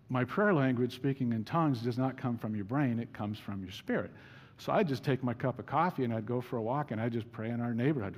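Casual storytelling male preacher in a hall. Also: mid-range voice. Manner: casual storytelling, self-deprecating humor. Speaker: pastor. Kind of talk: sermon. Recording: reverberant hall.

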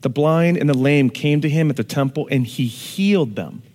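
A man's voice: fairly high pitch, moderate pace. Man preaching in a reverberant hall. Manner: animated, shifts from hushed to shouting for emphasis. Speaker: pastor. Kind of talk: sermon.

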